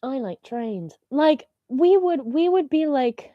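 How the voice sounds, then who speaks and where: A woman in her early twenties hosting a casual solo podcast, rambling and excitable and slipping into meme voices. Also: high voice, slow, no echo. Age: 20s. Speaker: podcast host. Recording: dull lo-fi dry sound.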